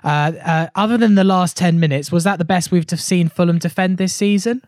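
A man's voice: high-pitched, a little fast, darkish tone, no room sound, studio quality. A man hosting a podcast, breezily reading out listener questions with jokey asides. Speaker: podcast host. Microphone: online podcast call.

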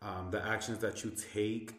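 Male podcast host, low voice, laid-back chat, roomy echo. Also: little pitch movement, normal speed, a bit bright.

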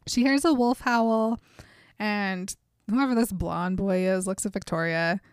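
A woman co-hosting a podcast, retelling a book in a lively, casual way with fillers and laughs. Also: medium pitch, unhurried, clean tone, dry recording, clean studio sound. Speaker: podcast co-host.

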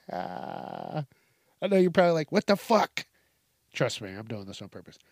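A man's voice: medium pitch, very animated, measured pace, darkish tone, no echo, clean studio sound. A man hosting a podcast, talking casually in a profane, self-deprecating way, laughing often and restarting his sentences. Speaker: podcast host. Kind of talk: casual monologue.

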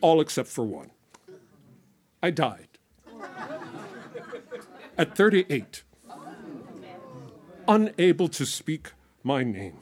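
A man playing the ghost of a merchant who died at thirty-eight, delivering a solemn, measured, proud monologue in dramatic storytelling style. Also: a little high, very animated, a little mellow, pitched above the performer's own voice, exaggerated voice. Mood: solemn, wistful.

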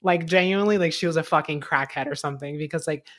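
A woman's voice: deep voice, fast. Young woman telling a rambling story. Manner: rambling storytelling, many fillers and swearing. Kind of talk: casual chat.

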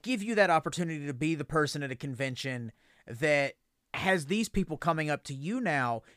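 This is a man hosting a casual podcast, joking around freely and swearing often. His voice sits a little high for a man. The recording is dry and close to the mic. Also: expressive, fairly quick, fairly bright tone, no echo. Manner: loose, profane, jokey. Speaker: podcast host. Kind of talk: casual chat.

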